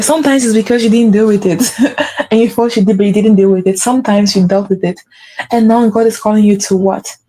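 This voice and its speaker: A woman's voice: medium pitch, mellow, poor audio. A woman giving an earnest spiritual pep talk as a faith coach, repeating key phrases for emphasis.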